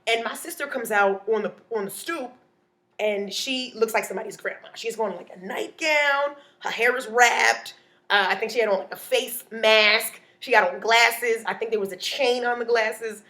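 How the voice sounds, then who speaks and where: A woman comedian telling a comic story in an animated, punchy way, often adding "okay?". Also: fairly high pitch, normal speed.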